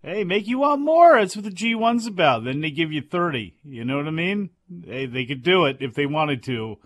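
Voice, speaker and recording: A man's voice: fairly high pitch, very animated, normal speed, dry recording, studio quality. A man co-hosting a podcast, making his point through a run of rhetorical questions. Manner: asks rhetorical questions in a row. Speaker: podcast co-host. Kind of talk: casual wrestling podcast chat.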